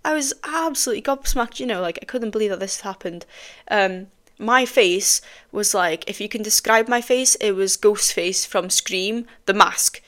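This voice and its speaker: A woman hosting a podcast, telling a personal story in a chatty, animated way with frequent ums and casual swearing. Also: mid-range voice, a little slow. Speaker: podcast host.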